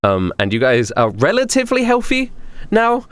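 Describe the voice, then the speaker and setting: A man's voice: high voice, wildly swooping pitch, moderate pace, smooth, no echo. A man narrating as game master of a tabletop game, loose and rambling with many fillers.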